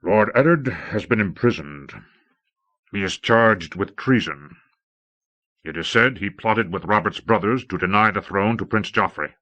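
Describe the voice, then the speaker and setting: A man voicing a gruff old lord commander who growls out commands, on a dull old tape. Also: on the low side, a little slow, bright, forceful tone. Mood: grave.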